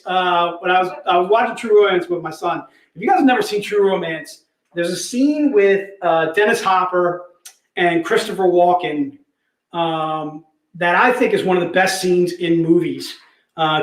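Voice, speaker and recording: An energetic man in his fifties runs a live sales stream, full of jokey patter. His voice sits high for a man. The room around him is echoey. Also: moderate pace. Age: 50s. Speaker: host.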